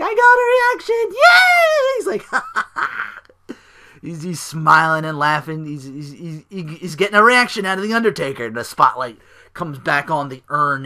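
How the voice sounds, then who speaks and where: A man hosts a casual solo podcast and recaps events in a loose, rambling way. He leans on fillers and swears freely. His voice has a bright, forward edge. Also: mid-range voice. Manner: rambling, profane, lots of fillers. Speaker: podcast host.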